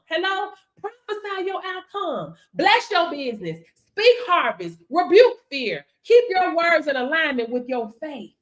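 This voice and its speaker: High-voiced woman preaching emphatic affirmations. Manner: preacher-like, emphatic, with frequent "Hello?" call-outs; repeats affirmations in a rhythmic chant. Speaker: business coach. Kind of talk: motivational faith-based pep talk.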